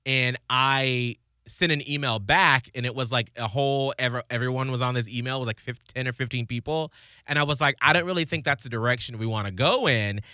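A man co-hosting a casual podcast chat, animated and laughing often, who jumps into high-pitched voices when he quotes people. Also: smooth, no echo, clean studio sound. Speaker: podcast co-host.

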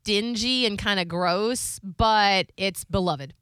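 A woman co-hosting a podcast, reacting quickly and playfully in casual chat. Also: medium pitch, fairly bright tone, smooth, dry recording.

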